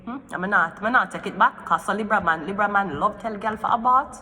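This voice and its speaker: A woman's voice: medium pitch, brisk, pushed and bright, long reverb tail. A woman, a tarot reader ranting in heated gossip commentary, swearing freely. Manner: profane, heated, swearing often.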